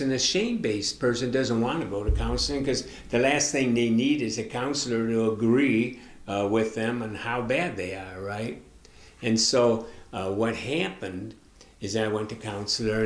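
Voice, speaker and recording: A middle-aged man, a minister, giving an earnest, confessional teaching talk and speaking straight to the listener. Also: lowish voice. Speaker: minister and author. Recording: roomy echo.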